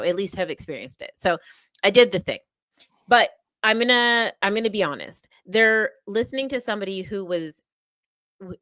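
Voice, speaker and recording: A woman hosting a podcast, speaking frankly and animatedly about her own recovery, with quick asides. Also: lowish voice, a bit bright, no room sound. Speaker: podcast host. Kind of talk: conversational interview.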